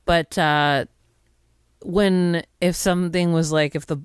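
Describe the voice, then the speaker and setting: A woman's voice: lowish voice, fairly even intonation, takes it slowly, clear, resonant tone, dry recording, clean studio sound. Rambling woman co-hosting a podcast. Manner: rambling, casual, with loose swearing. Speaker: podcast co-host. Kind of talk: casual chat.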